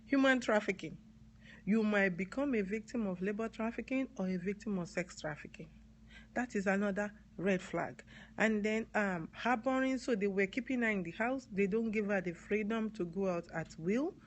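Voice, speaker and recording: A woman from Nigeria with a Nigerian accent, talking earnestly on a live stream, repeating key words and spelling some out. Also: mid-range voice. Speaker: advocate live-streaming to viewers. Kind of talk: live-stream talk answering comments.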